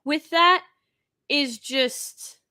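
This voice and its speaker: A woman livestreamer delivers an indignant, emphatic review, sighing and restarting as she builds her case. Her voice sits a little high, with a bright, forceful edge. She takes her time, leaning on each word. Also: very slow. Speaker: live-stream reviewer. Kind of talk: unscripted live review commentary.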